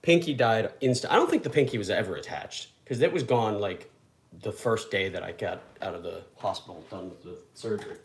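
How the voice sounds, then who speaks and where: Cooking one-handed in his kitchen at home, this young vlogger rambles chattily and makes fun of himself. His voice sits fairly low, with expressive delivery and a fairly quick pace. Loud background noise and kitchen echo fill the recording.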